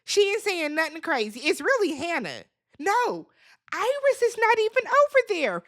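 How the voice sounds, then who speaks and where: A woman hosting a casual reality TV recap, talking in an animated, dramatic way with slangy asides. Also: very high voice, moderate pace.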